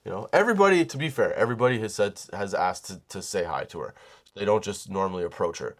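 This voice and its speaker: A man's voice: lowish voice, animated, fast. A middle-aged man hosting a comedy podcast, telling stories in a loose, profane rant, laughing at his own jokes and acting out the people he quotes. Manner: acts out quoted people in raised voices. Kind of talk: casual comedic storytelling monologue.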